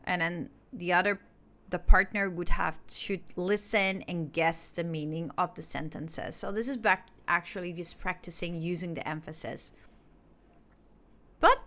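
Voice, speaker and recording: A woman's voice: lowish voice, a little slow, pushed and bright. Woman teaching an English lesson. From Indonesia. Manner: instructive, explains step by step. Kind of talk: recorded online lesson.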